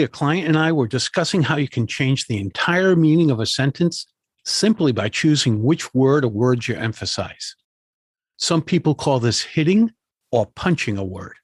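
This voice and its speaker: Husky-voiced man coaching with lively emphasis. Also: on the high side, no echo, studio quality. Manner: clear, deliberate delivery with marked word emphasis. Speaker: podcast host and speaking coach. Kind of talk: scripted instructional podcast.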